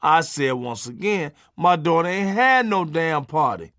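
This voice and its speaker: A man's voice: on the high side, animated, measured pace, fairly bright tone, no room sound, studio quality. A middle-aged man narrating his memoir in a punchy, folksy, conversational way with salty language.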